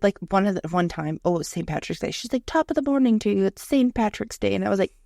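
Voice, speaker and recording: A woman co-hosting a podcast, telling animated, profane stories in casual chat. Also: on the low side, creaky, no echo, clean studio sound. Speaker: podcast co-host.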